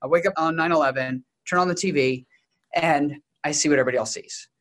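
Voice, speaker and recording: Quick-talking, fairly high-voiced man from Texas. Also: fairly bright tone. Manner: brisk, storytelling, lecturing. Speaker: generational researcher guest. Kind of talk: interview answer.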